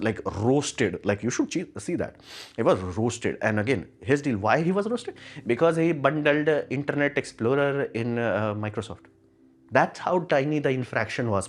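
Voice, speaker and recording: A man with a fairly low voice rants through a commentary monologue. He talks with a sarcastic edge and slips into quick impressions of the people he talks about. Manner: ranting, sarcastic, acts out quoted people. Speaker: tech commentary host. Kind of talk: opinionated monologue.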